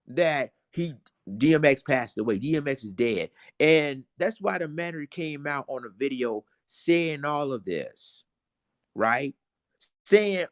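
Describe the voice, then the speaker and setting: A man's voice: fairly high pitch, big pitch swings, a little slow, no room sound, clean studio sound. A man vlogging emotional commentary, indignant and repetitive, talking straight to his viewers.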